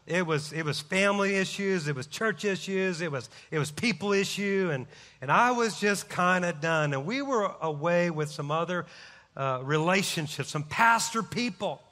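A middle-aged man, a pastor, preaching a sermon with impassioned, rising shouts. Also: high-pitched. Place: church sanctuary. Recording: long hall reverb.

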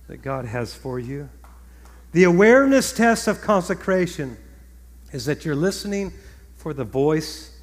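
A man preaching a sermon as pastor in a conversational, halting way with stammered repeats. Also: medium pitch, big-room sound. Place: large church hall.

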